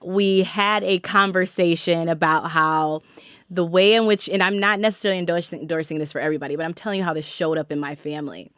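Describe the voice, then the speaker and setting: Low-voiced woman telling a family story. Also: fast, clean tone, no echo, clean studio sound. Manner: animated, laughs often, candid. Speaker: podcast co-host; mother of several children. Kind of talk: casual conversational storytelling.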